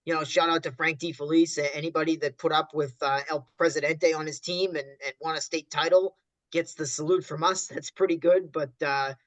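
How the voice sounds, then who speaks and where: A man chatting casually on a sports podcast, halting and joking with lots of fillers. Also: a little high, steady tone, a bit bright, dry recording. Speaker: sports writer co-host.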